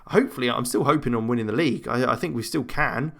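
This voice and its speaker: A man's voice: medium pitch, fast talker, gravelly. A man giving rambling, chatty commentary as he plays a football management game, full of fillers and side remarks. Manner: chatty, rambling match commentary with self-talk and frequent fillers. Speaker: gaming channel host. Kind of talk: let's-play gameplay commentary.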